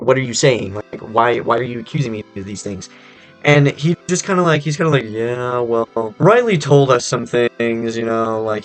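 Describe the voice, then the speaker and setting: A young adult man telling a personal story in casual speech, animated and rambling, with lots of fillers and swearing. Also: medium pitch. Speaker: storyteller vlogger.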